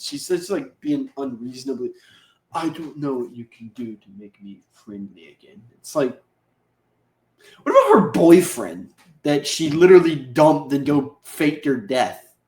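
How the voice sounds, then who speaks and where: A man's voice: fairly high pitch, darkish tone. A man hosting a podcast, recapping an episode in a casual, rambling, slangy way and acting out the characters' lines. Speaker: podcast host. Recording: echoey room.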